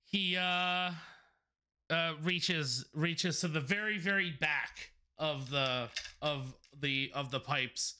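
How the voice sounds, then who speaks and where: Slow, halting game master. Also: male voice, on the high side, pushed and bright. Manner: slow, halting narration with restarts. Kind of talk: narrating a tabletop game.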